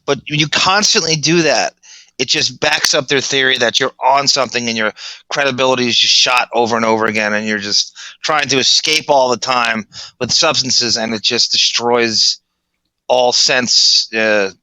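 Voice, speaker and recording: A man's voice: mid-range voice, normal speed, bright, forceful tone, dry recording, poor audio. A man co-hosting a podcast in casual chat, going off on rambling, enthusiastic tangents. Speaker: podcast co-host.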